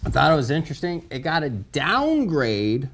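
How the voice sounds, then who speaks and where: Male co-host, stock livestream, higher-pitched, animated, teasing. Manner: quick to laugh, teasing. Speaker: stock market instructor co-host. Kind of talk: live market commentary.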